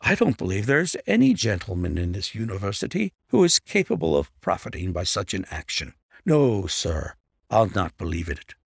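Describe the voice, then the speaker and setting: A man's voice: low voice, big pitch swings, normal speed, creaky, husky, heavily acted. A man reading an audiobook, voicing a fussy, anxious male college tutor who pleads earnestly. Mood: indignant.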